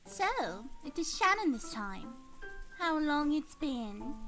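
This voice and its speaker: A woman's voice: sits high, sing-song, slow pace, a bit bright, soft background music, full character voice. A woman playing a teasing haughty witch. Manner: teasing, theatrical. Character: haughty, mischievous young female witch.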